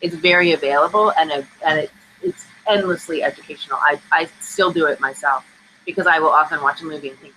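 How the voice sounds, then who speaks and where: A woman's voice: deep voice, quick pace, sharp tone, a little hiss or hum, low-quality recording. A woman screenwriter answering interview questions over a video call, talking candidly in a chatty, storytelling way. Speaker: screenwriter guest.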